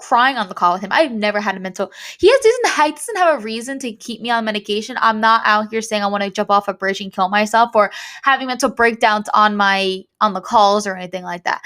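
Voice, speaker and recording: Woman podcast host, higher voice; blunt, heated personal storytelling with plenty of swearing. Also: fairly bright tone. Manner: retells dialogue in quick back-and-forth.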